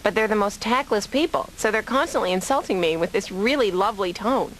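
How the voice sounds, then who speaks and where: A woman's voice: mid-range voice, animated, brisk, slight background noise, close to an everyday voice, low-quality recording. An actress voicing a stand-up comedian, a woman, who tells self-mocking jokes to her therapist and acts out little voices. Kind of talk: deadpan stand-up monologue in therapy.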